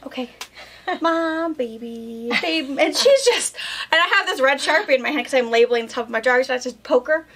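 A woman's voice: high-pitched, very fast. A woman in her thirties co-hosting a quilt shop video, chatting casually and telling funny family stories with frequent laughter. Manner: animated storyteller, laughs often. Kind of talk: casual chat.

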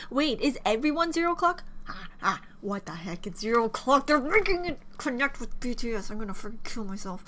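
A woman's voice: a little high, sing-song, brisk, pushed and bright, slight background noise. A young woman reacting as a fan, gushing, gasping and squealing, often repeating herself. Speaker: K-pop reaction vlogger. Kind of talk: excited fan reaction commentary.

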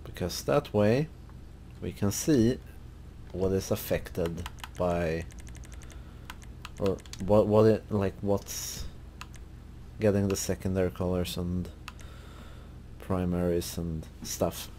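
A man hosting a gaming video, relaxed and thinking aloud as he browses car parts in casual commentary. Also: low voice, slow pace, pauses often, a little hiss or hum. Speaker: gaming channel host.

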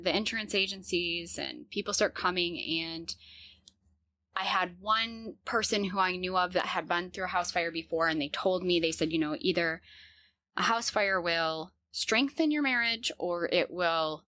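Earnest low-pitched woman telling her story. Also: sharp tone, dry recording. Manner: earnest, halting, with frequent fillers and restarts. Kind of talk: personal storytelling.

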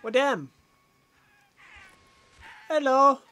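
A gamer commentating live while playing, excitable, exclaiming and swearing at the game. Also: high-pitched, extremely slow, a little hiss or hum. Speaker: let's play gamer.

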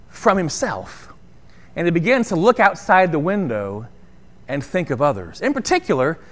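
A man preaching a sermon in a conversational way, often checking in with his listeners. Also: high-pitched. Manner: conversational, asks "right?" often. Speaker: pastor.

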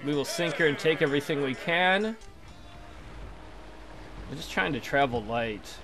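A man's voice: fairly high pitch, expressive, unhurried, music in the background. A young man casually commentating as he plays a game, crude and joking, trash-talking the enemy ships. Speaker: let's play commentator.

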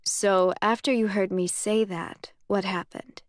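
A woman reading a calm, teasing young commander. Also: mid-range voice, a little slow, dry recording, clean studio sound, lightly acted. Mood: amused. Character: young man, cool, teasing, self-assured military commander.

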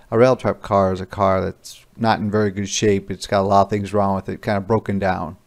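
A man reading a picture book aloud to young children as a teacher, pausing to explain words gently. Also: on the low side, level tone, gravelly.

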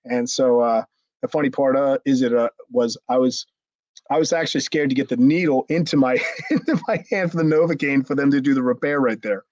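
A man's voice: medium pitch, a little fast, a little mellow, no room sound. A middle-aged man, a former pro wrestler, telling a story casually in an interview. He swears freely and acts out the people in the story. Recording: dry, slightly dull lo-fi sound.

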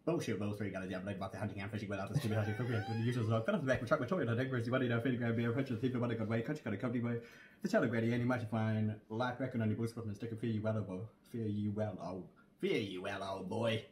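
Guy reading super fast, low voice, a bit of background noise. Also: steady tone, darkish tone. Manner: rattles off lists at great speed, laughs. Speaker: guest reciting fast. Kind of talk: rapid-fire recitation.

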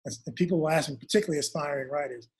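A man's voice: on the high side, very fast, slightly rough. A man, an author and guest, telling a long personal story in an interview and acting out his parents' lines.

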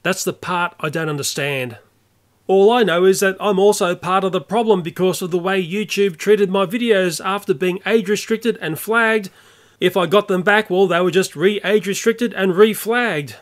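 An older Australian YouTuber delivering an earnest, opinionated rant to camera. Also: male voice, high-pitched, moderate pace. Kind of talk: ranting monologue to camera.

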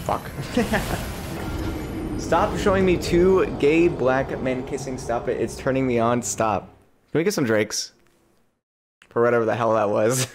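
A young man streaming gameplay, commenting live with lots of swearing and sudden high-pitched outbursts of frustration. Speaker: game streamer.

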